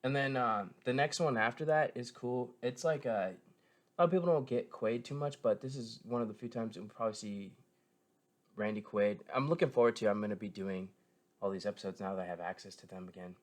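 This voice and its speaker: A man's voice: fairly low pitch, fairly quick. A man giving a casual, rambling spoken review, full of fillers, restarts and self-corrections, with a keen fan's tone. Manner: meandering, filler-heavy, frequent self-corrections; enthusiastic fan tone. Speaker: show reviewer.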